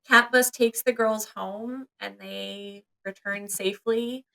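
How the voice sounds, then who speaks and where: Bright-voiced young woman, animated chat. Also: medium pitch, takes it slowly, creaky. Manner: animated, acts out characters' lines. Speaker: podcast co-host. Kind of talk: casual movie chat.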